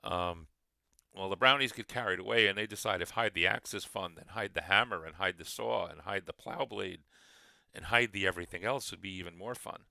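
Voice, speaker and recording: A man's voice: low voice, a little fast, creaky, bright, forceful tone, no echo. A man hosting a game master session, explaining how he builds an adventure in a rambling way, with many restarts. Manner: rambling, frequent restarts and fillers.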